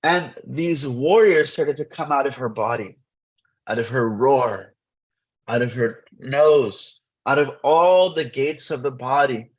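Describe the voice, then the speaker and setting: A man teaching a morning scripture class in a temple, retelling an old legend in an animated, rambling way. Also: mid-range voice, slow pace, slightly rough, low-quality recording. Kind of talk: lively storytelling scripture class.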